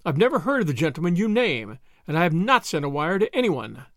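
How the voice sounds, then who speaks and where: A man's voice: on the high side, sing-song, fairly quick, no echo. Male reader doing a pompous vicar, indignant, raised voice, dry close sound.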